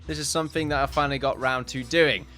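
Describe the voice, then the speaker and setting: A man's voice: medium pitch, fairly even intonation, fast, sharp tone. Rambling man, slightly out of breath. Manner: rambling, self-correcting, laughs often. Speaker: gaming video host. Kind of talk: casual commentary over a time-lapse.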